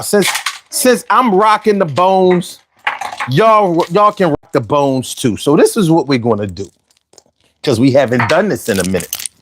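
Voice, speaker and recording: A man's voice: a little high, a bit bright, a little hiss or hum. A man hosting a casual livestream, reading viewer comments aloud and bantering with them in slangy speech, close to the mic. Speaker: livestream host.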